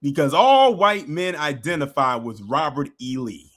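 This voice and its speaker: Dude reacting on a live stream, sarcastic and teasing, voice jumps all over. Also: male voice, fairly high pitch, expressive, measured pace. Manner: teasing, sarcastic, laughing asides. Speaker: livestream host. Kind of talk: casual reaction commentary.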